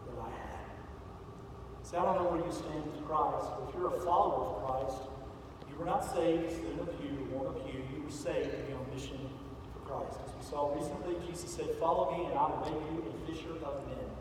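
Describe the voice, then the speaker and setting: A male pastor giving a sermon in a large church sanctuary, telling a story and building to loud, emphatic peaks. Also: fairly high pitch, steady tone, a little fast. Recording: echoey hall from far off, faint noise.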